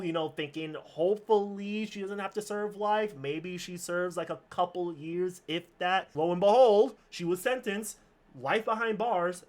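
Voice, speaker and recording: A streamer giving casual commentary on a news story, passionate and indignant, often restarting words. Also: mid-range voice.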